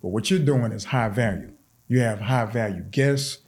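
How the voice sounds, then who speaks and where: A man's voice: mid-range voice, moderate pace, a little mellow. Earnest, encouraging man as podcast guest. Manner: earnest and encouraging, emphatic repetition. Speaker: podcast guest, fraternity chapter president. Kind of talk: casual interview chat.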